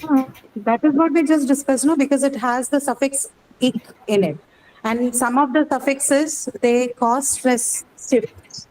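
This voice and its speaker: A woman's voice: high voice, unhurried, a little mellow, a little hiss or hum, rough recording. A woman teaching an English class, explaining step by step and often checking that the student follows. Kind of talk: online class lecture.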